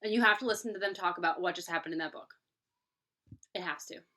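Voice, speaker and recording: A woman's voice: on the low side, fast, sharp tone. A young woman in a casual book vlog, rambling animatedly and acting out gasps and quoted reactions. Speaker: book vlogger.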